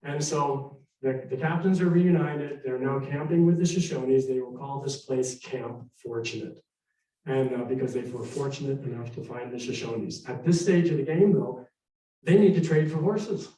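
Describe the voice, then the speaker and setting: Middle-aged man, storyteller, animated, conversational, distant mic, roomy hall. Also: mid-range voice, normal speed. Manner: animated, conversational, acts out dialogue. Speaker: historical storyteller. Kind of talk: live storytelling presentation. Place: arts center hall.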